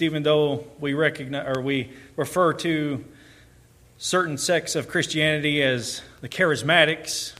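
A man's voice: medium pitch, a bit bright. A man preaching a sermon, explaining the text and building with emphatic repeated phrases. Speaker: pastor.

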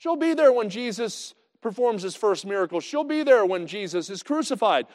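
A male pastor preaching a sermon in a conversational way, swinging from loud to hushed. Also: sits high, big pitch swings, normal speed, big-room sound.

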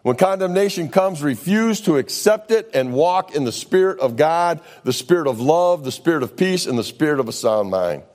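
A man's voice: a little high, animated, normal speed, few pauses. Folksy preaching man. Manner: preaching with wide swings from loud to hushed; folksy storytelling, says "man" often. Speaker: pastor. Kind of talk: sermon.

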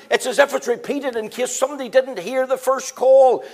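Emphatic preacher, high voice. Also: male voice, steady tone, normal speed, hardly any pauses. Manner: emphatic, repeats phrases for stress; swings between loud rising calls and low quiet asides. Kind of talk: sermon.

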